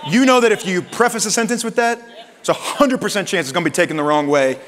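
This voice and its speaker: A male pastor preaching a sermon, retelling the Bible story with lively voices for the characters. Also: fast. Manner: animated storytelling, acting out Peter's lines high and Jesus' lines low and soft. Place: church auditorium. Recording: long reverb of a large hall.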